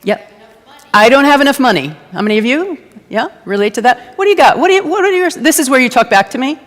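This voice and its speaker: Lively woman preaching in a reverberant hall. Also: high-pitched, fast. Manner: lively, playful, asks the congregation to answer back. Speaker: guest speaker at a church service. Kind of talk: conversational sermon. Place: church sanctuary before a congregation.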